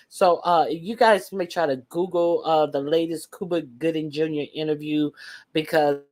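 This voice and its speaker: A woman's voice: sits low, steady tone, moderate pace, a little mellow. A woman in casual chat, blunt and opinionated.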